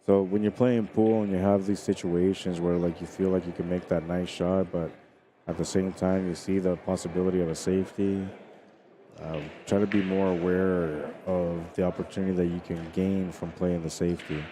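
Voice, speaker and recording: A man's voice: low voice, little pitch movement, moderate pace, noisy background. A man giving casual, chatty commentary on a pool stream, talking to viewers and laughing. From Spanish heritage.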